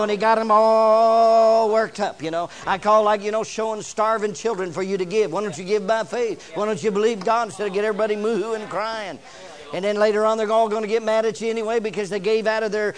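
A man preaching a sermon, telling folksy stories and breaking into shouted bursts. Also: high voice.

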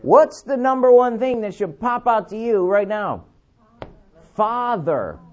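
A man preaching a sermon, emphatic, repeating key words and slowing down to read scripture. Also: high-pitched, animated, darkish tone, lo-fi sound.

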